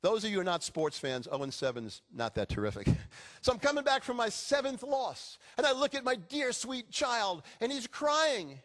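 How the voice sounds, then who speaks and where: A man's voice: extremely high pitch, moderate pace. A middle-aged man giving a motivational speech to a live audience, telling stories with jokes. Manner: animated storytelling with jokes. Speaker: keynote speaker.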